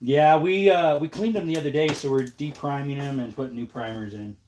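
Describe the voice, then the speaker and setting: A man's voice: fairly high pitch, steady tone, fairly quick, a little mellow. Stuffed-up man chatting on a stream. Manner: easygoing, reads chat aloud and answers. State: stuffed-up nose, sniffling. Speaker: livestream host. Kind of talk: casual livestream chat while working.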